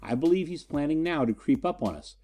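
A man voicing a bold, clever young woman in an audiobook, speaking quickly and sweetly persuasive. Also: a little high, expressive, dark tone.

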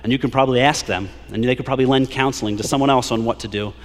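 A man's voice: mid-range voice, fairly even intonation. Man preaching in a reverberant church. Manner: preaching with rising emphasis, drawn-out scripture quotes. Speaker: pastor. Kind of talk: sermon. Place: church sanctuary.

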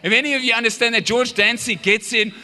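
A man preaching a sermon, telling a story in a lively way and asking his listeners questions. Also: very high voice, fast talker. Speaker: pastor. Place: church hall. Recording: live church hall with long reverb.

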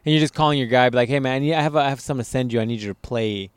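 A man's voice: medium pitch, rapid-fire, clear, resonant tone, no echo. A man co-hosting a podcast, joking in loose crude banter and telling stories with a lot of swearing. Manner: loose, swearing, animated storytelling. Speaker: podcast co-host.

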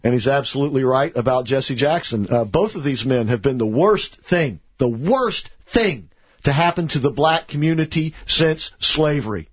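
A man hosting a talk radio show, opinionated and quick to push back on callers. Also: mid-range voice, lively intonation, breathy edge. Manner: opinionated, stammers when interrupted. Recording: muffled radio broadcast.

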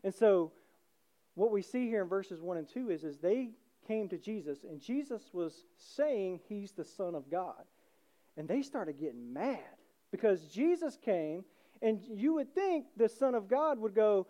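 Mellow-voiced pastor preaching conversationally. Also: medium pitch, big pitch swings, a little slow. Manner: conversational, asks rhetorical questions, adds "right?". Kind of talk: sermon.

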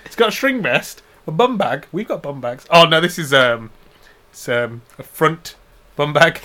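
A man's voice: fairly high pitch, expressive, unhurried. A man co-hosting a podcast, chatting casually and laughing often as he jokes. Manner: laughs often, playful, goes loud on jokes. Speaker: podcast co-host. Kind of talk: casual joking chat.

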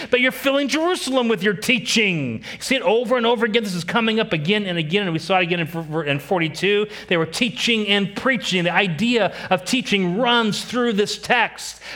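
A man's voice: sits high, sharp tone. A man preaching a sermon as a pastor, emphatic and repeating key phrases, putting questions to his congregation.

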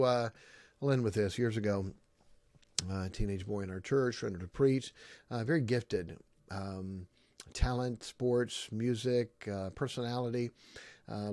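A male pastor giving a sermon, repeating key phrases with emphasis, swinging from loud to hushed and pausing on ums and uhs. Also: mid-range voice, creaky, dry recording.

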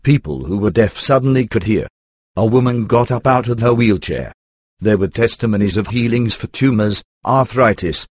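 A man reading a first-person book aloud in an even, computer-rendered narration. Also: fairly low pitch, no room sound. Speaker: audiobook narrator.

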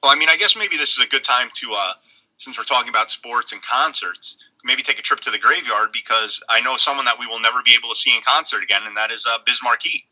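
Blunt rambling man, bright voice. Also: medium pitch, low-quality recording. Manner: rambling, blunt, halting restarts. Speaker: podcast co-host. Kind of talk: casual chat.

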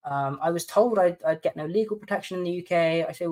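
A man's voice: high-pitched, quick pace, a little mellow. A man from the UK, a podcast guest who indignantly recounts a personal dispute and reads out emails aloud.

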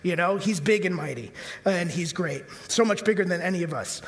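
A man's voice: high voice, animated, a little fast, fairly bright tone, long reverb tail. A man preaching a sermon in a casual, conversational way, full of filler words and rhetorical questions. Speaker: pastor.

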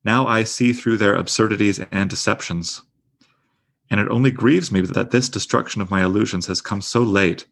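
A man's voice: fairly low pitch, moderate pace, vocal fry. A man reading aloud as a deluded old knight, in a solemn, lofty, archaic manner. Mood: grandiose.

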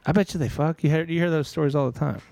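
A man in casual podcast chat, animated, profane and quick to cut in. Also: on the high side, creaky, no echo. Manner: animated, interrupts, profane, laughs often.

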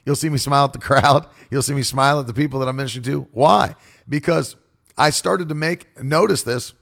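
A man who preaches and broadcasts, talking casually to his audience in a forceful, demonstrative, animated way. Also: medium pitch, fairly quick, gravelly. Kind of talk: casual monologue.

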